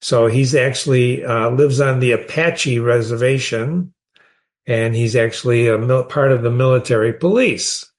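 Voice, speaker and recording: A man's voice: medium pitch, a little slow. Man explaining a story. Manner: conversational, asks the listener questions. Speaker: literature teacher.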